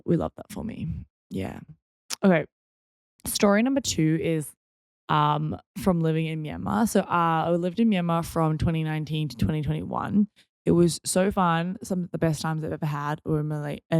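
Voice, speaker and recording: A woman's voice: sits low, a little mellow, no echo, studio quality. A young woman host chattily telling funny stories on her podcast, with lots of fillers and self-mocking asides. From Australia. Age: young adult. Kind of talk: casual storytelling.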